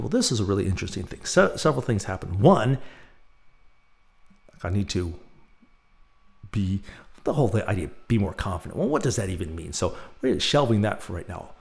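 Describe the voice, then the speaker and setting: A man's voice: medium pitch, sing-song, a little fast, creaky, a little mellow. A middle-aged man hosting a podcast, telling a personal story in a rambling, self-mocking way with many fillers. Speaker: podcast host.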